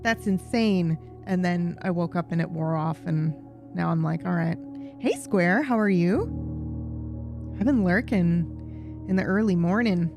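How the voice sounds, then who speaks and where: A woman streamer chatting casually with her viewers, telling a rambling, animated story full of swearing. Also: fairly low pitch, unhurried, vocal fry, faint music behind. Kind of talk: casual chat with viewers while gaming.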